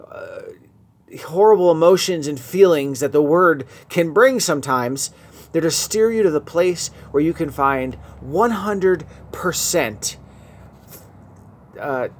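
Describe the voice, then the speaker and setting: A male radio preacher with a slightly higher voice delivers an earnest sermon. He speaks straight into a studio microphone and swells to emphatic peaks.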